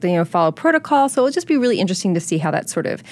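A woman co-hosting a podcast in casual chat, easygoing and agreeable, often filling pauses with "you know" and "like.". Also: medium pitch, sing-song, a little mellow. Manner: easygoing, agreeable, hesitant fillers. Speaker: podcast co-host.

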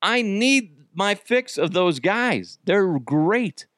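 A man hosting his own podcast alone, venting in a profane, exasperated rant that jumps into sudden yelling. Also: high voice, lively intonation, very slow, dry recording, studio quality. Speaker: podcast host. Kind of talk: solo ranting podcast.

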